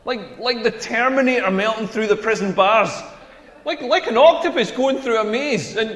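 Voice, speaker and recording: A crude Scottish stand-up comic. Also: male voice, extremely high pitch, moderate pace, a bit bright. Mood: rambling. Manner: crude, rambling storytelling. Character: crude young male comedian bombing on stage. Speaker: stand-up comedian. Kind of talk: stand-up comedy routine. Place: comedy stage in a hall. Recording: echoey hall.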